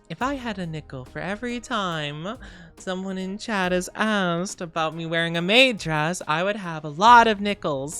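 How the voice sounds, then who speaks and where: A woman's voice: lowish voice, a bit bright. A woman streamer chatting casually and playfully with her viewers, greeting them by name. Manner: playful sing-song asides. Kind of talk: casual livestream chat.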